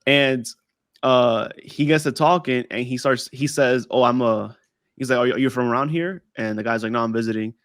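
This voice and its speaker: A man's voice: mid-range voice, moderate pace, fairly bright tone, no echo, clean studio sound. A man co-hosting a podcast in casual chat, telling a rambling story and acting out the people in it. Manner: rambling storyteller who acts out quoted dialogue. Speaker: podcast co-host. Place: lives in Texas.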